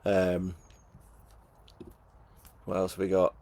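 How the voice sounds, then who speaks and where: At a live book launch stream, a middle-aged man with a Northern English accent reads viewer comments in a casual, jokey, self-deprecating way. His voice is low, monotone, and slow, with vocal fry and a darkish tone.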